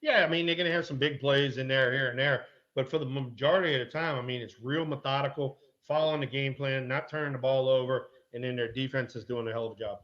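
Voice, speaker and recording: A man's voice: medium pitch, quick pace, few pauses. Salty storytelling man, dull lo-fi sound. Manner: animated, salty anecdote-telling with mild swearing. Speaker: guest, former ballplayer. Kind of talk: casual chat, storytelling.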